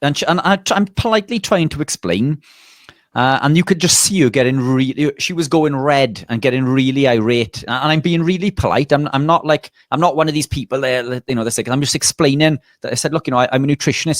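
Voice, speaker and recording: A man, a nutritionist and bodybuilder, telling a lively anecdote in a casual interview, often restarting his sentences. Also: mid-range voice, fast talker, no room sound, studio quality.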